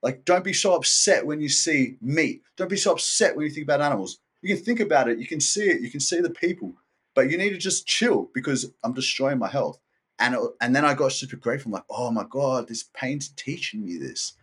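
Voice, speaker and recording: A man's voice: a little high, lively intonation, quick pace, a bit bright, husky. A man talking as a podcast guest in a candid, rambling way, swearing often and restarting his sentences. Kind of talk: candid casual conversation.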